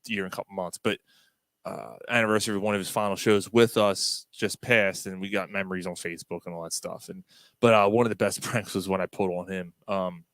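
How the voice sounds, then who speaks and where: A man's voice: low-pitched, fast, dry recording. Laughing Philly storyteller host, man. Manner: animated storyteller, laughs often, swears. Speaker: podcast host. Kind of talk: casual chat.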